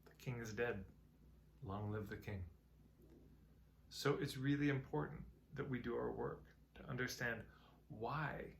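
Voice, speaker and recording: Musing man with a gravelly voice. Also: mid-range voice, a little hiss or hum. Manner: musing, conversational, tells parables. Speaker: marketing teacher. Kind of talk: reflective talk to camera.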